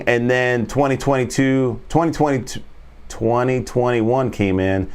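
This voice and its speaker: A man's voice: mid-range voice, steady tone, measured pace, clear, resonant tone. A man hosting a casual trading stream, rambling and joking as he talks viewers through stock charts. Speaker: trading coach and stream host. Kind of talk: casual market commentary.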